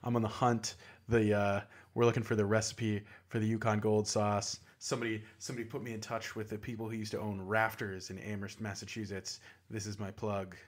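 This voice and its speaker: Laid-back low-voiced podcast man. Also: level tone, brisk, few pauses. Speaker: podcast co-host. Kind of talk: casual chat.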